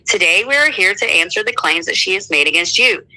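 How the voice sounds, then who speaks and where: A woman's voice: mid-range voice, animated, fairly quick, pushed and bright, rough recording. A woman reading the part of an impatient judge, firm and repeating orders. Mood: stern. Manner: firm, repetitive commands.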